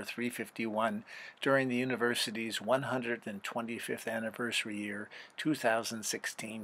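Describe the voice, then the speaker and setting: A man, a faculty member, hosting and narrating a documentary in a measured, announcer-like way. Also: medium pitch, a bit bright.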